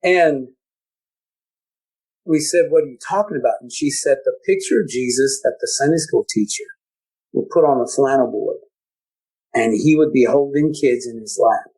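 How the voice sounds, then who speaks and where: A man telling his own story as a podcast guest, halting and repeating words, at times choked up. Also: medium pitch, mellow, slightly rough, low-quality recording. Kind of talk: personal storytelling.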